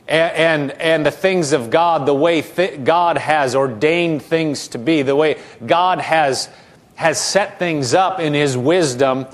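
A male pastor preaching a sermon, asking his congregation questions and repeating words as he goes. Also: a little high.

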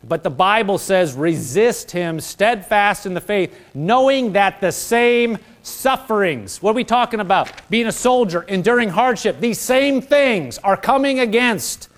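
A man's voice: high-pitched, lively intonation, a little slow, hardly any pauses. A man preaching a sermon, asking the congregation questions and acting out humble prayers.

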